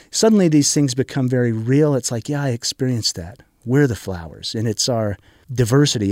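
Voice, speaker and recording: A man's voice: medium pitch, darkish tone, no echo, clean studio sound. A middle-aged man, a guest in an interview, telling a personal story in an earnest, emotional way, often stopping and restarting his sentences.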